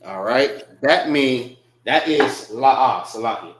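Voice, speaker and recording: A man's voice: medium pitch, animated, slow, reverberant. A man teaching a class, patiently repeating words and spelling them out letter by letter. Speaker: class instructor. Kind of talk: classroom lesson on writing and pronunciation.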